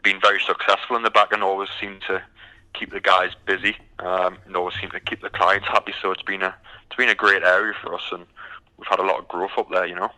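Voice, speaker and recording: A man's voice: sits low, quick pace, low-quality recording. A man from the UK with a British accent, answering interview questions casually with many ums. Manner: relaxed, many ums and restarts. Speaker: recruitment company guest.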